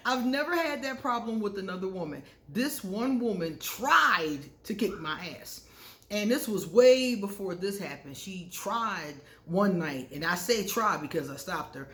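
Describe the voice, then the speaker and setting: Woman, astrology vlog host, candid personal storytelling, mid pitch, roomy echo. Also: lively intonation, normal speed. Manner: candid, personal, laughs often at own stories. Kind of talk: casual storytelling to camera. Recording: echoey room.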